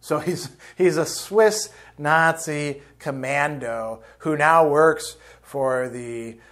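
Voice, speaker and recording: A man talks through a novel in a thoughtful lecture. His voice sits somewhat high, with fillers and check-ins to the listener. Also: slow, a bit bright. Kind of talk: literature lecture.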